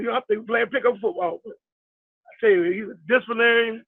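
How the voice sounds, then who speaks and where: A man's voice: very high voice, fast, dry recording. A middle-aged man from New York, a basketball coach telling his story in a casual interview, rambling and acting out the people he quotes, with lots of fillers. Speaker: basketball head coach, guest. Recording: tinny dry phone-like line.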